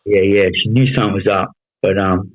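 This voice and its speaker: A man's voice: lowish voice, level tone, brisk. A man in his thirties with an Australian accent, telling his story bluntly with constant swearing and "you know what I mean" as a podcast guest. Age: 30s. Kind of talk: casual storytelling interview. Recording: tinny phone-like sound.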